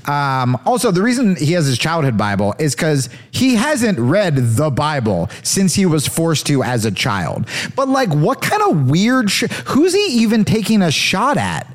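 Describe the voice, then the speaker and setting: A male comedian hosts his show, reacting to clips with sarcastic riffs. His voice sits a little high and swings all over the place as he jokes. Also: huge pitch swings, moderate pace, hardly any pauses. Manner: sarcastic, riffing. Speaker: comedian host. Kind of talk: comedic commentary on video clips.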